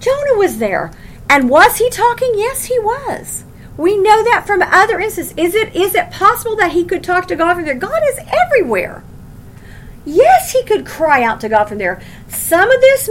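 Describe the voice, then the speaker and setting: A woman's voice: very high-pitched, slight background noise. A woman teaching a Bible study class, reading verses aloud and stressing her points with questions to the group. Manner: emphatic, asks the class questions.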